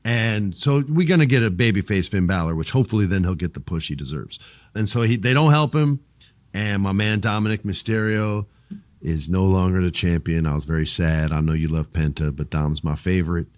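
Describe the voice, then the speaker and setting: A man's voice: low voice, fairly quick, dry recording. A man hosting a podcast, chatting casually about wrestling, acting out wrestlers' lines and swearing freely. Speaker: podcast host.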